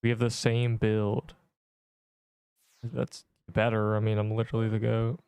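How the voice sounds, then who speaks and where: A man's voice: on the low side, completely flat delivery, measured pace, darkish tone, clean tone, no room sound. A man streaming a game, chatting casually and rambling in exasperated banter with his viewers, full of slang. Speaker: gaming streamer. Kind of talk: casual livestream chatter while playing.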